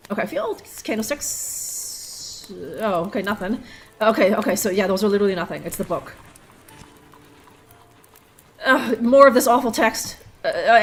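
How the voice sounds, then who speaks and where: A woman's voice: medium pitch, slight background noise. A woman streaming a detective game live, rambling and laughing as she sounds out German words with frequent curses. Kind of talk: casual live gameplay commentary.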